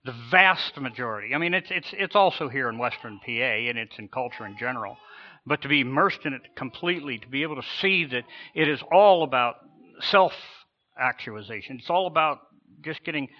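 A man's voice: medium pitch, animated, fairly quick, highs cut off. A man preaching a sermon as a pastor, earnest, often restarting and repeating words.

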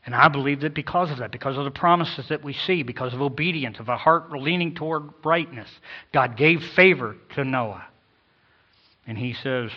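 A male pastor preaching a sermon in an emphatic way, with sudden swells in loudness. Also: medium pitch, normal speed. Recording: dull lo-fi sound.

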